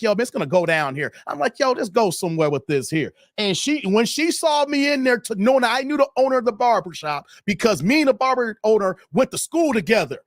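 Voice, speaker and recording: A man tells a story to his viewers in a loose, profane rant. His fairly high voice leaps up and down with lively expression. The sound is close and dry, with no room echo. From Chicago, USA. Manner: animated, profane, talks straight to viewers. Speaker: YouTube commentator.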